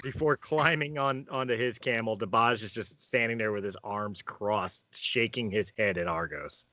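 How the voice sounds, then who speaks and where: A man playing a tabletop game in casual talk, joking and quick to laugh. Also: on the low side, pushed and bright, no echo, muffled recording. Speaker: player.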